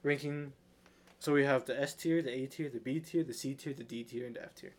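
A man's voice: medium pitch, steady tone, brisk, a little hiss or hum. A young man co-hosting a casual podcast, rambling and restarting his sentences, often laughing. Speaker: podcast co-host. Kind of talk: casual chat.

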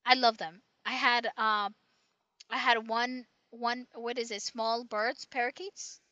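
A woman's voice: on the high side, steady tone, takes it slowly, pushed and bright, no echo, muffled recording. A woman in casual chat, telling a long rambling story full of restarts and tag questions.

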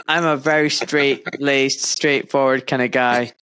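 A man's voice: mid-range voice, steady tone, measured pace, a bit bright, clean tone, no echo, studio quality. A Scottish man with a Glasgow Kelvinside accent, hosting a casual podcast chat in a joking, teasing manner. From Scotland. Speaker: podcast host.

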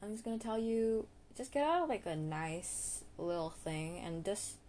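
A woman's voice: medium pitch, animated, warm tone, slight background noise. A woman hosting a casual solo podcast, giving English tips in a rambling, giggly way and stopping herself often. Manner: rambling, giggly, self-interrupting; playful, drawn-out name demonstrations.

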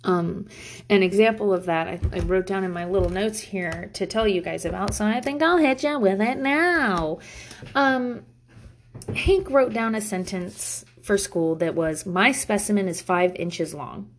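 Frank, cursing mom talking to camera. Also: female voice, medium pitch, lively intonation, a little slow, slight background noise. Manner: frank and profane, with many fillers; reflective and self-deprecating. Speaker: mother sharing parenting advice. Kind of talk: casual talk to camera.

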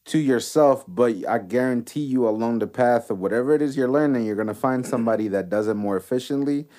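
A man's voice: medium pitch, fast, warm tone. A young man in his twenties on a podcast, speaking earnestly and giving advice in casual chat.

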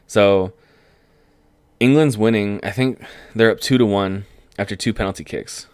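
A young man riffs on the weekend's sports in a loose, rambling monologue. He gets excitable and laughs at his own jokes. His voice is low, and the recording is dry and close. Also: unhurried, clean tone, dry recording. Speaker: vlogger. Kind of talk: casual sports commentary monologue.

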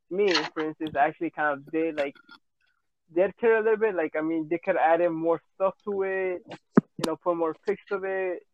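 A man's voice: a little high, narrow, tinny audio. A young man hosting a casual podcast with friends, rambling and laughing between questions. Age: young adult. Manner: laughing, rambling with many fillers. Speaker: podcast host.

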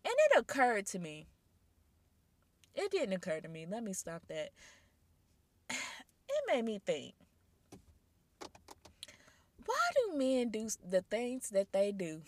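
A woman's voice: medium pitch, measured pace, long pauses, no room sound. A woman giving casual commentary to her audience, talking to them directly and tossing out rhetorical questions. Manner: animated, addresses audience directly; rhetorical questions, incredulous asides.

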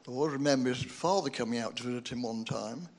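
Hesitant older man in the audience. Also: medium pitch. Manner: hesitant, halting, with many restarts. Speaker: audience member asking a question.

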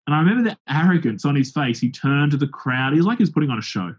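A man's voice: fairly high pitch, fast, hardly any pauses, husky. A man, a pastor and open-air preacher, telling stories in an interview, acting out the people he quotes. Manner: lively anecdotal storytelling with acted-out quotes. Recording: dull lo-fi sound.

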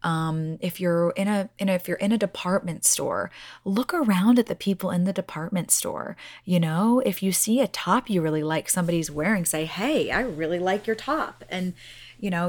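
Earnest low-voiced woman telling a story. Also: a little fast, a little mellow, no room sound. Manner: earnest, repeats "like I said". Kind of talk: casual heartfelt storytelling.

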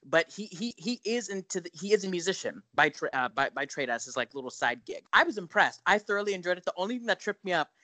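A man's voice: sits high, big pitch swings, quick pace, hardly any pauses, sharp tone, dry recording. A man co-hosting a podcast, sassy and emphatic, often repeating words as he builds his point. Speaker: podcast co-host. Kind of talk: casual pop-culture chat.

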